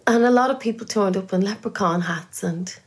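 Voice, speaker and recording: A woman's voice: mid-range voice, brisk. An Irish woman, a guest musician, talking earnestly and thinking aloud with small restarts in a casual interview. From Ireland.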